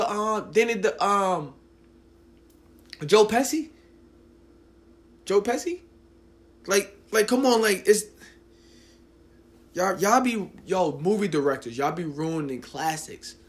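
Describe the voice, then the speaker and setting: A high-pitched, animated man from New Jersey in his late twenties hosts a casual solo podcast rant. He's unhurried and leaves long pauses, while his profane rambling is peppered with restarts.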